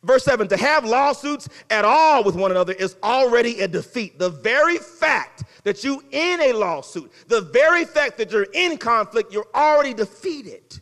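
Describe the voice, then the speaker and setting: Animated preacher in an echoing hall. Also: male voice, very high-pitched, moderate pace, few pauses. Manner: animated preaching, swings from loud to hushed; conversational, folksy phrasing. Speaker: pastor. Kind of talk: sermon. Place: church sanctuary.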